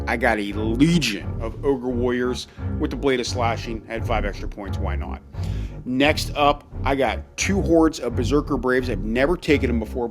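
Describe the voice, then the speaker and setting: A man co-hosting a casual tabletop game video in a basement, joking and boisterous. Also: medium pitch. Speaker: co-host.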